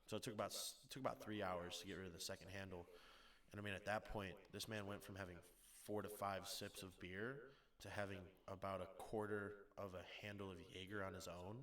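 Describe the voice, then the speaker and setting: A young man spinning a party story on a casual podcast, animated and acting out each quote with a laugh close behind. His voice sits on the low side but rings bright and forceful. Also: a little fast. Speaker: podcast guest. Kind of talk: casual chat.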